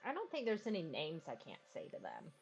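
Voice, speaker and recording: A woman's voice: deep voice, huge pitch swings, brisk, a little mellow. A woman streaming a video game in casual chat, rambling about decorating and cooing to her dogs. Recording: dull lo-fi stream audio with game music.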